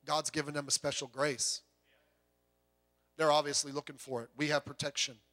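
Preaching at a moderate pace, a male pastor uses a high, bright, forceful voice, though his delivery stays flat. He keeps it conversational, posing rhetorical questions to the congregation and slipping in jokes.

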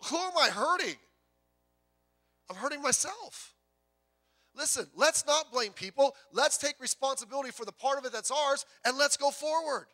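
A man preaching a sermon as pastor, in a lively, conversational way with jokes and quick self-repeats. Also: very high voice.

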